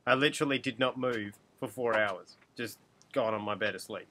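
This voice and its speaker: A man's voice: medium pitch, moderate pace, sharp tone. A man co-hosting a film podcast, making dry wisecracks. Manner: dry, wry humor. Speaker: podcast co-host. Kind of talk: casual film review chat.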